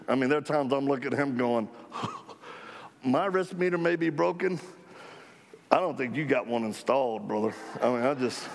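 A man leading a ministry, telling stories to a live audience in an animated, folksy way with jokes about himself. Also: medium pitch. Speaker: ministry leader speaking to supporters. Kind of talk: storytelling talk to a live audience. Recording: long hall reverb.

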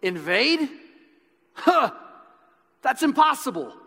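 A man's voice: very high voice, big pitch swings, takes it slowly, vocal fry, bright, forceful tone, big-room sound, voice pushed up, heavily acted. A man voicing a snarky medieval nobleman who mocks a plan as impossible, in a sermon retelling. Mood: scoffing. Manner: snarky, mocking disbelief. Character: scoffing, disbelieving medieval nobleman.

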